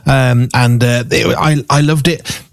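A man's voice: medium pitch, steady tone, measured pace, gravelly, smooth, no room sound. A middle-aged man with a Black Country accent, hosting a radio show with rambling, self-mocking chat between songs. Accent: Black Country English. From Black Country, England.

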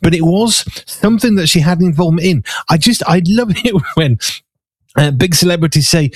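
A man's voice: a little high, brisk, dry recording. A middle-aged man with a Black Country accent, hosting a radio show with rambling, self-mocking chat between songs. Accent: Black Country English. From Black Country, England.

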